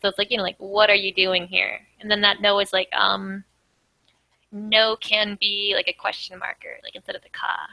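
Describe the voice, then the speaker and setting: Bright-voiced woman explaining casually. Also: mid-range voice, little pitch movement, moderate pace, gravelly, no echo. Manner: chatty, full of "like", laughs often. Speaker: tutor explaining manga Japanese. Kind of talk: casual language lesson.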